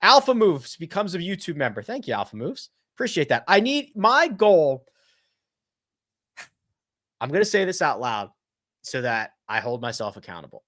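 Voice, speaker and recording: A man hosts a casual live chat on golf betting and fantasy, answering viewer questions in an animated, chatty way. He thinks out loud with quick self-corrections and lively pitch swings, recorded with a dry, close sound and no room sound.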